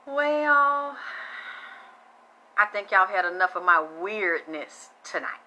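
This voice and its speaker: A woman's voice: mid-range voice, lively intonation, slow pace, muffled recording, background noise. A woman hosting a casual live-streamed psychic reading, chatting bluntly, swearing freely and thanking viewers by name.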